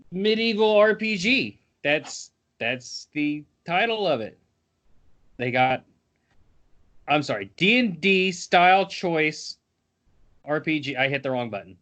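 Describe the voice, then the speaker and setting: A man with a high-pitched voice hosts a game podcast, shifting between loose, joking chatter and reading scene text aloud. He swears casually and keeps things informal. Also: animated, takes it slowly, pauses often, a bit bright. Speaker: podcast host and game narrator.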